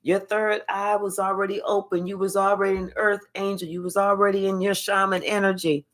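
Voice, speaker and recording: Foul-mouthed woman giving a spiritual reading. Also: medium pitch. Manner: profane, animated, drawn-out emphatic phrases. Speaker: tarot reader. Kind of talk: casual spiritual reading to camera.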